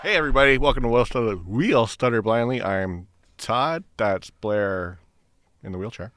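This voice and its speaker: A man's voice: mid-range voice, normal speed, a bit bright, slight background noise. A man co-hosting a casual podcast, joking bluntly and laughing often. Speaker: podcast co-host.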